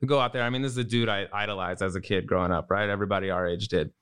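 A man co-hosting a casual chat show, telling a golf story with easygoing, quick reactions. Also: fairly low pitch, steady tone, a bit bright, clean tone. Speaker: podcast co-host.

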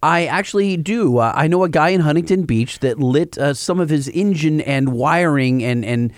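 A man co-hosting a podcast in casual chat, speaking haltingly with many fillers. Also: on the high side, dry recording. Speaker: podcast co-host.

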